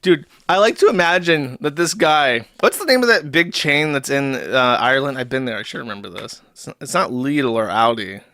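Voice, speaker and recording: A man's voice: medium pitch, lively intonation, normal speed, hardly any pauses, pushed and bright, no room sound, studio quality. A man hosting a livestream, giving sarcastic, mocking commentary and swearing freely. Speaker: livestream host.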